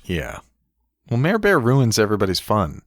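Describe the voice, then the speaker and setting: A low-voiced man chats wryly on a podcast, chuckling as he reads card text aloud. The recording is dry and close, with no room sound. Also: wildly swooping pitch, normal speed, no echo. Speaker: podcast co-host. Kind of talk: casual chat reviewing game cards.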